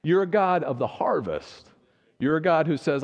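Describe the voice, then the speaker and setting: A man's voice: a little high, lively intonation, moderate pace, lo-fi sound. Pastor guy preaching, earnest, trips over words and repeats them, church echo trailing. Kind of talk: sermon. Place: church sanctuary.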